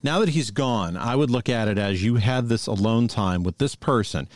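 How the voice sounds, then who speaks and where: A man in casual conversation, offering thoughtful, measured reflections. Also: mid-range voice, lively intonation, no room sound, clean studio sound.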